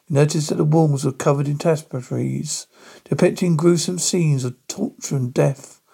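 A man reading a spooky story aloud in a halting manner, stumbling over words. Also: a little high, vocal fry, dark tone, slightly rough. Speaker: narrator.

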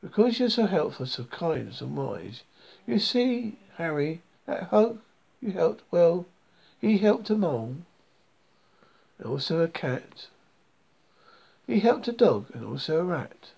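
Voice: mid-range voice, big pitch swings, slow pace, creaky, long pauses, darkish tone, husky, full character voice. A reader voicing the mouse's loving wife. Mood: soothing.

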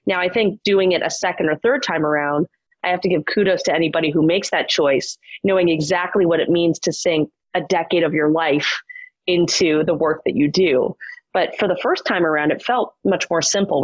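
Speaking in a husky, fairly low voice at a moderate pace, a startup founder in her thirties shares her story openly and chattily. Her speech is peppered with "like" and restarts, and the lo-fi recording is muffled with no echo.

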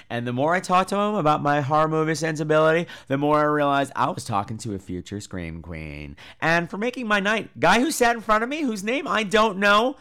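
A man's voice: a little high, animated, brisk, hardly any pauses, bright, forceful tone, smooth. A man hosting a podcast, chatting casually about movies and theater in a campy, sarcastic and profane manner. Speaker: podcast host.

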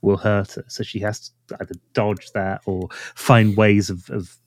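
A man's voice: fairly low pitch, little pitch movement, unhurried. A man co-hosting a casual podcast, talking through story ideas and restarting his phrases while he thinks. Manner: thinks aloud with restarts, trails off softly. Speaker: podcast co-host. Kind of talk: casual chat.

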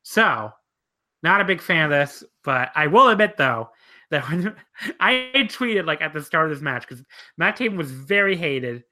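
A woman's voice: low-pitched, unhurried. A woman co-hosting a casual wrestling chat, telling stories with lots of swearing and cackling laughs. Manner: profane, animated storytelling, cackling laughs.

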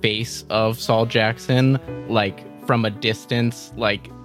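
A man playing a tabletop role-playing game, describing his character haltingly with many fillers. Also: fairly low pitch, fairly even intonation, over music. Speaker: player.

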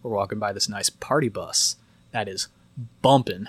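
A young man in his twenties, co-hosting a podcast, telling a story in a casual, animated way. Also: fairly low pitch, husky, dry recording. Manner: animated, fast storytelling with lots of quoting. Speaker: podcast co-host.

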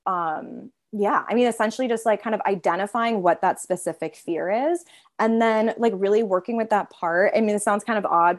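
A woman therapist talking casually in an interview, filling her speech with "like" and briefly voicing her own inner parts. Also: mid-range voice. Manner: chatty, heavy use of filler "like"; voices her inner parts in quick asides.

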